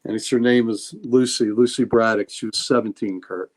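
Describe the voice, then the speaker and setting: A man's voice: medium pitch, steady tone, normal speed. A man co-hosting a casual podcast, retelling comic scenes with many restarts and fillers. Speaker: podcast co-host.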